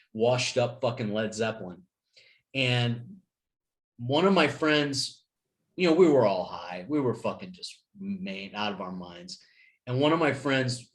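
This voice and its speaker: A man's voice: mid-range voice, fairly bright tone. A man hosting a podcast, telling stories in casual chat, swearing freely and acting out his friends' lines. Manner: profane storyteller, acts out friends' voices. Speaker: podcast host.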